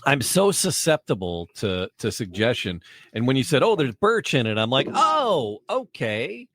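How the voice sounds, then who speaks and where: A man's voice: mid-range voice, moderate pace, no room sound, clean studio sound. A man co-hosting a podcast, joking and playing along in casual banter. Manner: joking, playful, lively. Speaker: podcast co-host.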